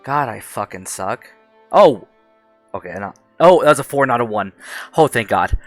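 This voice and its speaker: Excitable man playing a tabletop game. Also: mid-range voice, measured pace, faint music behind. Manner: excitable, swears, laughs often. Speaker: player. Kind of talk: casual tabletop play.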